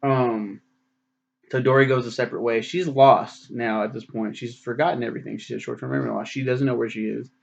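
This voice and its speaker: A man's voice: medium pitch, fairly even intonation, brisk, vocal fry. Rambling, swearing young man on lo-fi audio. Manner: rambling, swears a lot, many fillers. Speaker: film reviewer. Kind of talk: casual film recap.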